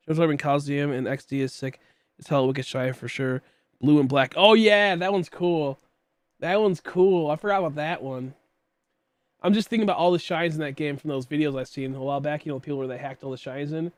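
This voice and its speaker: A man's voice: a little high, fast, dry recording. Coughing young man chatting on stream. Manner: rambling, answers chat, many fillers. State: coughing often, throat tickle. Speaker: livestreamer. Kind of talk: casual stream chat.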